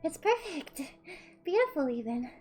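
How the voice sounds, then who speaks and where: She plays the same gloating, cold-smirking psychopath who stages her own deaths, performing the visual novel line by line. The pitch is high with big swings, yet the delivery is quiet, low and unhurried, with faint soft music underneath.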